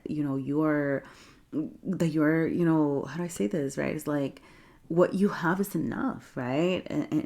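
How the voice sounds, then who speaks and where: A tarot reader gives a casual, chatty reading to camera, encouraging her viewer, laughing often and checking in with "okay?" Her voice sits low, with vocal fry and a warm tone.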